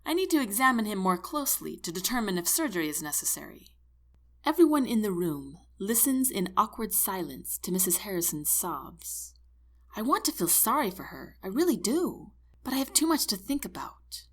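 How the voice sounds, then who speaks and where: A woman reading a first-person novel aloud, expressive, slipping into whispers for inner thoughts. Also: mid-range voice, normal speed. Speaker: audiobook narrator. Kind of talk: first-person scripted narration.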